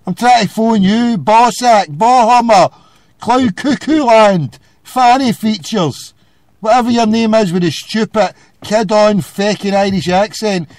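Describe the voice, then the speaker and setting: A Scottish man with a high, unhurried, slightly mellow voice hosts a call-in radio show, ranting abusively and hurling insults at a caller. The studio recording is clean with no echo.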